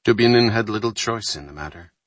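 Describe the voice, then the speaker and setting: Deep-voiced male narrator, slightly husky, measured and steady read for a thriller audiobook. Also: no room sound. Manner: measured, steady reading with lightly voiced dialogue.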